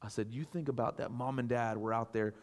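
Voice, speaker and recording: A man in his thirties preaching a sermon, swinging between animated, loud passages and soft, quiet storytelling. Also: medium pitch, a little fast. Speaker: pastor. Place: church sanctuary. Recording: long hall reverb.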